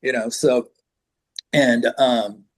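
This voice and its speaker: An older man with a husky voice, chatting casually as an interview guest, rambling through stories and acting out sounds and quotes. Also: mid-range voice, fairly even intonation, extremely slow. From San Francisco Bay Area. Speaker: rock singer, interview guest.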